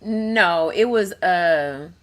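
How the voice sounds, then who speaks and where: A woman's voice: fairly low pitch, drawn-out words. A woman guesting on a casual movie review chat, playful and teasing. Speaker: podcast guest.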